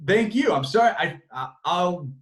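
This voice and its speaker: A young man, a sports reporter, chatting as an interview guest, animated and full of fillers and restarts. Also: high-pitched, normal speed, poor audio. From Massachusetts. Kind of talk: casual interview chat.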